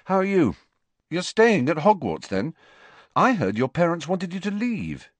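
A man's voice: huge pitch swings, measured pace, no room sound, heavily acted. A man reading as a blunt teenage boy. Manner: blunt, low-key.

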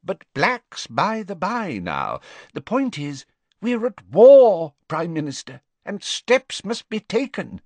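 Man doing a flustered, high-pitched wizard minister. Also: wildly swooping pitch, a little mellow, no echo, full character voice. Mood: agitated. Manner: rapid, agitated, defensive. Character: flustered middle-aged male wizard minister. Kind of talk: audiobook character voice.

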